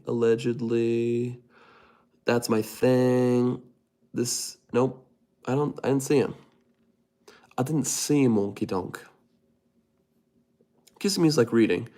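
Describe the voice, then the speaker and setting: A man's voice: mid-range voice, a little mellow. Playful young man chatting on a livestream. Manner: playful, jokey, talks fast with quick asides. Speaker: livestream host. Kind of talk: casual livestream chat, reading viewer comments aloud.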